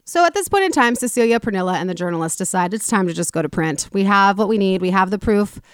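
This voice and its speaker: A woman hosts a casual talk show and retells a story with animated energy, acting out each person she describes. Her voice sits at a middling pitch. The recording is close and dry, with no room echo. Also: fast, clear, resonant tone. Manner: animated retelling, acts out quoted people with swearing. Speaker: podcast host.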